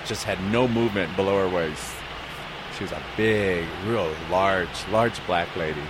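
A man recounts a work story in a rambling, casual way, acting out what everyone said. He sounds outdoors, with clear traffic and city noise around him. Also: lowish voice. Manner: rambling retelling with quoted dialogue. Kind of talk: casual anecdote. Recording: street noise behind.

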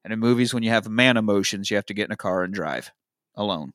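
A man co-hosting a podcast, recapping a movie with lively quoted lines, swearing and laughs. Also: lowish voice, fast talker, no echo, studio quality. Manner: animated retelling, quoting characters, swearing, laughing. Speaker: podcast co-host. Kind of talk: casual movie recap chat.

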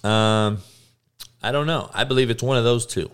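A man with a clear, resonant, medium-pitched voice speaks at a normal speed while hosting a live podcast. His blunt rant is full of profanity, with repeated lines for emphasis and listeners called out by name.

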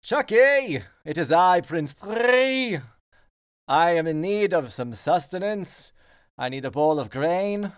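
A man voicing a pompous young male prince who shouts demands in a grandiose, booming manner. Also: expressive, slow pace, clean tone, dry recording, clean studio sound. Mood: grandly demanding.

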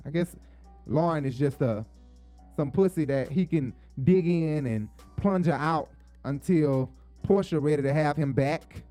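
A man's voice: a little high, measured pace, warm tone, soft background music. Sassy, profane man reacting to a show. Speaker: reaction commentator. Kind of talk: casual reaction commentary.

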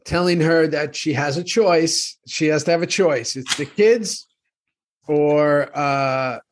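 A man's voice: a little high, slow pace, slight background noise. A man co-hosting a casual chat, rambling with playful questions and jokes. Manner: inquisitive, rambling, joking. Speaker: podcast co-host.

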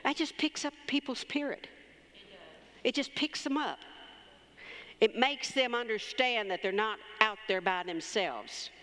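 A woman's voice: fairly high pitch, a little slow, a bit bright. A woman, a pastor's wife, preaching in a church, telling a personal story in a conversational way and calling for amens. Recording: reverberant church hall.

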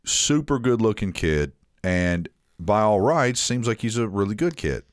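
Deep-voiced rambling male podcast host. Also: animated, measured pace, no echo, studio quality. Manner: rambling storyteller with many restarts and fillers. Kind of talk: casual podcast chat.

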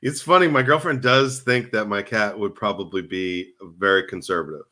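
A man in casual comedic chat, telling animated stories as a podcast co-host. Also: on the low side, normal speed. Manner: animated storytelling with laughs.

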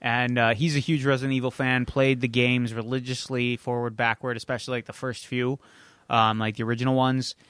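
A man's voice: medium pitch, flat delivery, fairly quick, a bit bright, clear, resonant tone, no echo. Guy co-hosting a podcast, dry close sound, jokey and opinionated. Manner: chatty, joking, opinionated. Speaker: podcast co-host. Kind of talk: casual chat.

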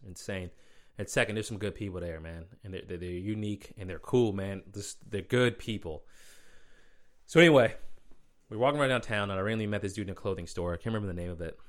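A man from Minnesota hosting a podcast, telling a story in loose, chatty talk and often calling people "man" and "bro". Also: lowish voice. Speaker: podcast host. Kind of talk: casual solo storytelling.

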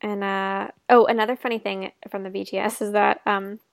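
A woman's voice: medium pitch, flat delivery, brisk, gravelly, no room sound. A woman co-hosting a podcast in casual chat, retelling movie scenes animatedly, giggling and acting out the quotes. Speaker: podcast co-host.

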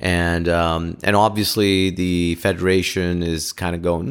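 Low-voiced man ranting loosely on camera, halting, restarting, self-mocking. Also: flat delivery, clean tone. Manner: rambling, halting, frequent restarts, laughs at himself. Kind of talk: casual rambling monologue.

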